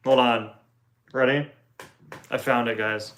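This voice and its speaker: Hosting a relaxed livestream Q&A from home through a phone on a tripod, a young man jokes and trips over his words. He speaks slowly in a steady, mid-range, slightly bright voice, with a little hiss or hum present.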